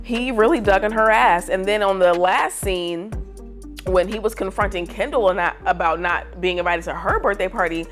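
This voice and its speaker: Animated gossiping woman vlogger. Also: mid-range voice, normal speed, faint music behind. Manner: animated, slangy and dramatic, with many fillers. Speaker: vlogger giving pop culture opinions. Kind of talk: casual gossip chat to camera.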